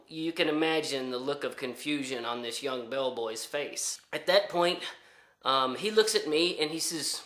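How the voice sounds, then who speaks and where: A man's voice: on the high side, a little slow, a bit bright, reverberant. A man telling a story in a casual, rambling way, full of fillers and restarts. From United States. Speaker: storyteller vlogger.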